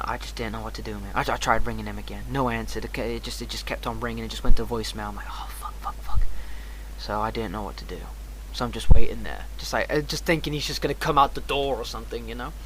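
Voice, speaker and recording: A man's voice: medium pitch, bright, forceful tone, slight background noise. A young man telling a rambling, profane story in casual talk, full of restarts and fillers.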